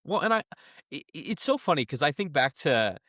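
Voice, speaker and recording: A young man co-hosting a podcast in casual chat, animated and quick to laugh. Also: fairly high pitch, no room sound, studio quality. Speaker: podcast co-host.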